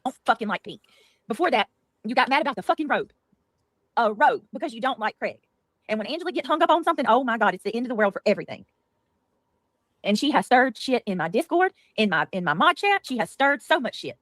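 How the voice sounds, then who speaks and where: A woman rants at breakneck speed in a heated group chat, cursing and calling people out. Her voice is a little high, recorded dry and close with no echo. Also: very animated, fast talker, fairly bright tone. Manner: angry, profane, ranting.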